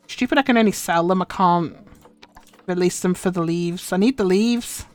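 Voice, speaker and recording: On her live game stream, a woman with a voice on the low side speaks at a normal speed. Her commentary is casual and chatty, with muttered instructions to herself mid-play.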